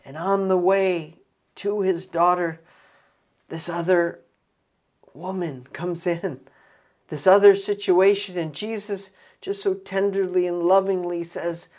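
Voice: mid-range voice, fairly even intonation, takes it slowly, a little mellow. A preacher giving an earnest sermon, often restarting phrases and swelling for emphasis.

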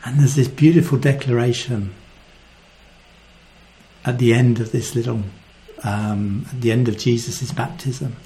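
A man preaching a sermon, earnest and reflective, often dropping to a soft voice. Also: medium pitch, steady tone, measured pace.

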